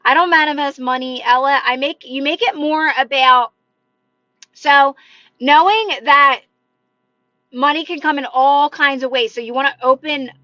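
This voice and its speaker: At a measured pace and with a voice that sits high, a woman livestreams as a manifestation coach, chatting and answering comments in an encouraging way, heavy on "like" fillers and hand gestures. The phone recording is dry and muffled.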